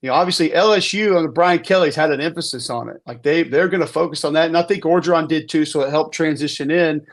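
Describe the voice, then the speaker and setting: A man's voice: fairly high pitch, fast talker. A man giving an emphatic, conversational football breakdown on a podcast, often restarting sentences. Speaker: football analyst guest. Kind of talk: casual sports podcast talk.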